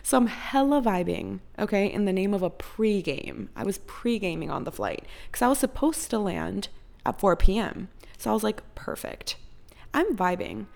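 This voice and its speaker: Young woman vlogger with vocal fry, chatty and theatrical, casual storytime. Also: medium pitch, very animated, normal speed, a little mellow. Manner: chatty and dramatic, heavy use of "like".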